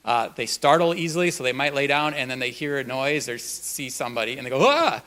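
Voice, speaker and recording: A man's voice: mid-range voice, steady tone, fast talker, fairly bright tone. Folksy, conversational male pastor. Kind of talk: sermon. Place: church.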